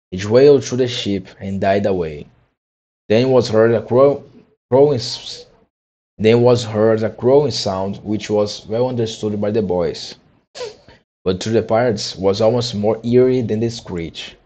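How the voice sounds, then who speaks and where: A man's voice: fairly low pitch, measured pace, warm tone, rough recording. A man reading a classic children's novel aloud, often stopping to restart and re-read phrases. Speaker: audiobook reader. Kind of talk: amateur storybook reading.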